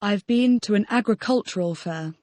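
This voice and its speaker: A woman's voice: medium pitch, normal speed, mellow, no echo. Woman giving full-sentence drill answers. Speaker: model student answering drills. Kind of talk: scripted audio lesson answers.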